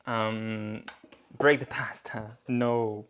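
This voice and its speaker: A man's voice: mid-range voice, slow pace, long pauses, slight background noise. A man chatting casually on a cooking live stream, joking about himself and laughing often. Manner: giggly, joking, self-mocking.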